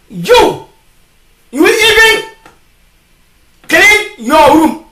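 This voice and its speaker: A preacher delivering a shouted sermon, firing off repeated rhetorical questions. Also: sits high, animated, unhurried, pauses often. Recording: echoey, from far off.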